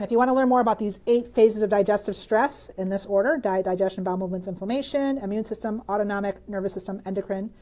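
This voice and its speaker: Her fairly high, warm voice carries a relaxed live stream she hosts from Michigan. Bubbly and chatty, she reads viewer comments, takes on health questions, and laughs frequently.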